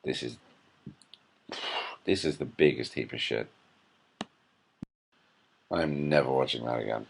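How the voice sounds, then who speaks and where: Man, hungover, husky rough voice, irritable sweary vlog commentary. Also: very deep voice. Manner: irritable, swearing, sighing rant. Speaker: vlogger. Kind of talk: ranting running commentary.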